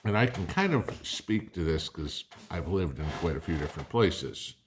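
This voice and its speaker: A man's voice: low-pitched, expressive, moderate pace, slight background noise. A middle-aged man hosting a prepping channel, talking casually to camera in a conversational, rambling way with folksy asides.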